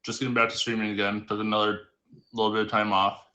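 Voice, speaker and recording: A man tells a story on a live stream, rambling and correcting himself as he goes. His voice is low, flat and bright-edged. The room around him is echoey. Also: quick pace. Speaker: storytelling guest. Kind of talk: casual told anecdote. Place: home streaming setup.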